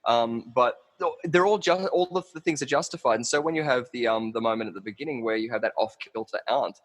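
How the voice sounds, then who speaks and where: A man talks casually on a film podcast, tossing in quick asides as he goes. His voice is of middling pitch and he keeps the tone conversational. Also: long reverb tail. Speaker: podcast co-host.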